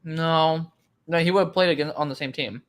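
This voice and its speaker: Young male co-host, light higher voice, excitable and profane. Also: moderate pace. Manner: excitable, laughs often, swears casually. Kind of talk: casual podcast chat.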